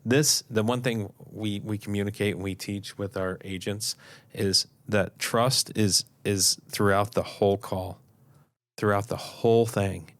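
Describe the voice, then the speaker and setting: A man co-hosting a casual podcast about selling insurance, agreeable and often pausing with halting restarts. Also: fairly low pitch, fairly even intonation, fairly bright tone, no echo. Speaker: podcast co-host and insurance sales trainer.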